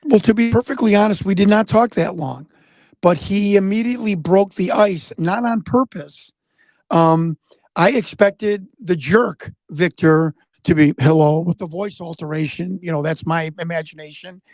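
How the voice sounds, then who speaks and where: A man's voice: high-pitched, moderate pace, darkish tone, dry recording. An American man telling a story in a casual interview, rambling, repeating words and acting out the voices he quotes. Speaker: guest investigator.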